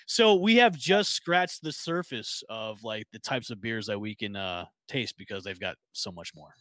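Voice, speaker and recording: A man co-hosting a casual sports podcast, talking excitedly and rambling with lots of restarts. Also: lowish voice, moderate pace, dry recording. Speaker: podcast co-host. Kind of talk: casual chat.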